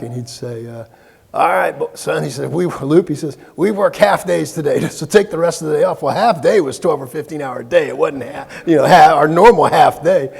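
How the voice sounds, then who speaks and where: A man's voice: a little high, creaky, a little mellow, breathy edge, big-room sound. A middle-aged man giving a keynote speech, telling anecdotes in a conversational way with fillers and restarts. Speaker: keynote speaker. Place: large meeting hall.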